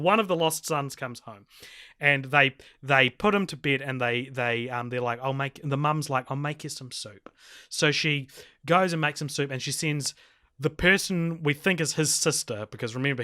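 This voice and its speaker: Rambling podcast co-host, bright and forceful, dry close mic. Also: male voice, on the high side, normal speed, no echo. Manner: animated, rambling, laughs often. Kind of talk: casual film review chat.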